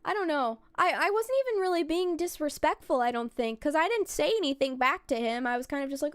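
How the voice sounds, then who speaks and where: A woman's voice: sits high, animated, fairly quick, few pauses, dry recording. A young woman streamer telling a rambling travel story in a casual, chatty way, laughing and swearing. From United States.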